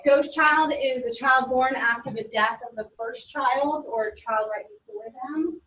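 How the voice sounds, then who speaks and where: A woman in her forties gives a lively classroom lecture in a higher-than-usual voice, acting out the people in her stories. She is picked up from across an echoey room, with faint room ambience behind her. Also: recorded from a distance, a little hiss or hum. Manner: animated, storytelling with quoted voices. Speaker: instructor.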